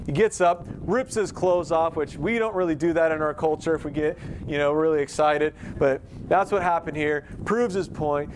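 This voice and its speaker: A man preaching in a relaxed, conversational way, his voice sitting a little higher than most. He works through the text with plenty of restarts and slips into quick acted-out voices when he quotes people. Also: slight background noise. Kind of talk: casual sermon teaching.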